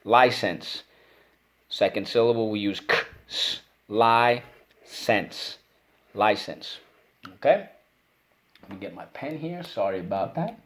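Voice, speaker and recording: A low-voiced man leads a phonics lesson, upbeat and encouraging. He says each word slowly and repeats it for the class to echo. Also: sing-song. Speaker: teacher.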